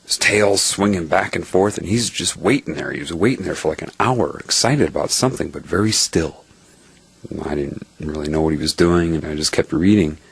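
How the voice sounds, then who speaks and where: A man narrating a first-person testimony in a calm, earnest, musing way. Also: low voice, moderate pace, vocal fry, slightly rough. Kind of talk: reflective first-person storytelling.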